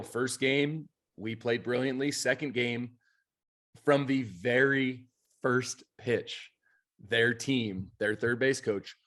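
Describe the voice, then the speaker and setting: Animated man telling coaching stories. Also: mid-range voice. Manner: animated, emphatic storytelling. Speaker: youth baseball coach and podcast co-host. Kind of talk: casual chat.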